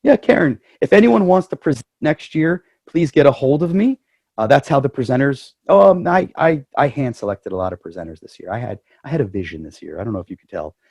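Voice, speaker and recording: A man's voice: medium pitch, lively intonation, fairly quick, a little mellow, breathy edge, no echo. Club president guy on a video call, chatty, jokey, dry close sound. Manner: chatty and joking. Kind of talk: casual address to members.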